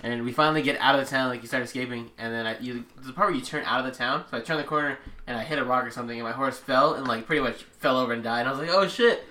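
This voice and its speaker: A young man in casual chat, telling excitable, profane stories about video games. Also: mid-range voice, rapid-fire, few pauses.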